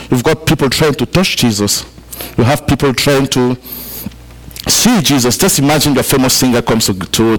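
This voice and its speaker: An African man preaches at a church service, hammering home key points through repetition and talking back and forth with the congregation. His pitch is medium, captured in a low-quality recording.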